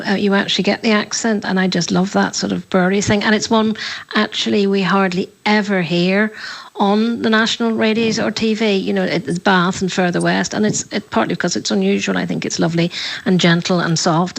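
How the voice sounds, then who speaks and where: A woman tax specialist on a radio panel, speaking in a wry, measured way. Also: medium pitch, creaky, rough recording.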